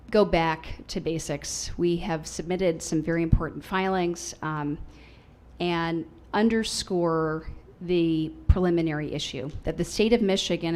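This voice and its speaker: Low-voiced woman making formal legal comment. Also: darkish tone. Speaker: executive director of a water law nonprofit. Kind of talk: public comment at a government meeting.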